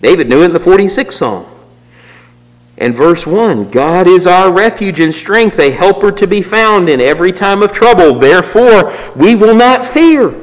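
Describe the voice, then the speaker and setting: A man preaching a sermon, swinging from raised emphatic lines to low, quiet asides. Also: lively intonation, normal speed. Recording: long reverb of a hall.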